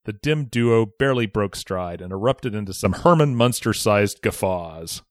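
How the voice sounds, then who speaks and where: Podcast host, male, reads a listener letter with lively swooping delivery, dry close sound. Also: on the low side, moderate pace, no room sound. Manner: animated, expressive storytelling. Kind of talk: reading a listener letter aloud.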